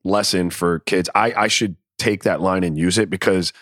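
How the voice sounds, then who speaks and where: A man's voice: deep voice, steady tone, moderate pace, fairly bright tone, no room sound, clean studio sound. A man co-hosting a sports podcast, giving earnest opinions with stammered restarts. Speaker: podcast co-host. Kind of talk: casual sports chat.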